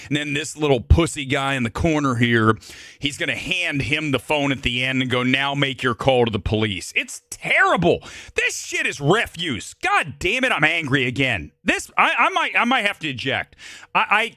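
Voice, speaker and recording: A man's voice: on the high side, big pitch swings, normal speed, sharp tone, dry recording. A man hosting a live movie review stream, ranting furiously and swearing about a film. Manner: furious, swearing, exaggerated outbursts.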